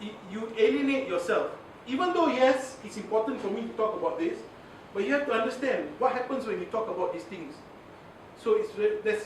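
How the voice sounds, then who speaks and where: A man giving a lively communications workshop to an audience, laughing often and acting out examples. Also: high voice, background noise. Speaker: communications trainer. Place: large room with audience. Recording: very echoey room, voice from far off.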